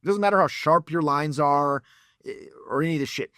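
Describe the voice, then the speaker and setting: A man's voice: a little high, a little fast, fairly bright tone, dry recording, studio quality. A man giving blunt, profane dating advice as a coach. He talks in a mocking way and acts out examples in put-on voices.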